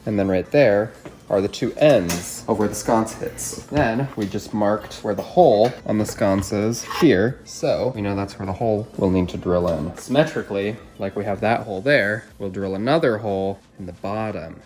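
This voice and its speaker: A man's voice: fairly low pitch, normal speed, darkish tone. A man giving casual how-to tips in a home vlog, instructive with a joking edge. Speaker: vlogger. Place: apartment, indoors. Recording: roomy echo.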